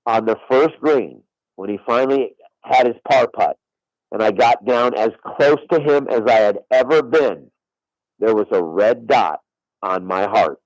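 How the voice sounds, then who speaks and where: A man's voice: medium pitch, measured pace, dry recording, rough recording. A middle-aged man, a former caddie, telling a long story on radio and swearing on his daughter's life. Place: radio studio.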